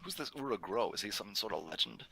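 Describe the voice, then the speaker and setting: A tabletop game player who makes quick jokes and quips. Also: low-pitched, very animated, creaky, crowd noise. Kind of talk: casual tabletop play.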